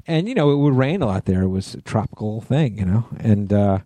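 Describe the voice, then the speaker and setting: A man co-hosting a podcast, telling long, meandering anecdotes in casual chat. His voice is warm and dark, recorded close with no room sound. He fills his talk with "you know" and easy profanity. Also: on the low side, expressive, brisk, no echo. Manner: rambling storyteller, lots of you-knows, swearing. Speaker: podcast co-host.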